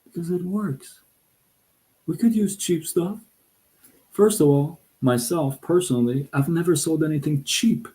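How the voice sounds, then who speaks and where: A middle-aged man hosting a casual live stream, talking in an animated, excitable way with frequent restarts. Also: fairly high pitch, moderate pace, poor audio. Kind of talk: casual livestream talk. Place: Southern California.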